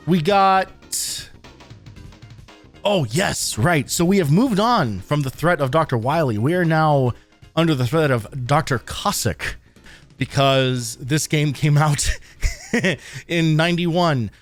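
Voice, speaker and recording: A young man streaming a retro game, giving casual, sarcastic commentary and laughing often as he reads the manual. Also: mid-range voice. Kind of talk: casual let's-play commentary.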